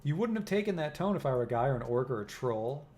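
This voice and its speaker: A man's voice: medium pitch, sing-song, fast, darkish tone, natural voice. A man reading aloud the lines of a hostile, brash young female hacker. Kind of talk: reading game dialogue aloud.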